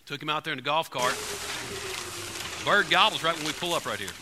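A man preaching to a congregation, telling an animated, joking hunting story to the room. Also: on the high side, fairly quick, noisy background. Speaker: pastor. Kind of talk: storytelling sermon. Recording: long reverb in a large hall.

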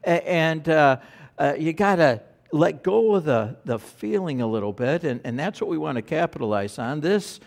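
Male pastor, sermon, animated, gravelly, restarts often, somewhat high voice. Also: moderate pace. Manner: animated storytelling with frequent stammered restarts.

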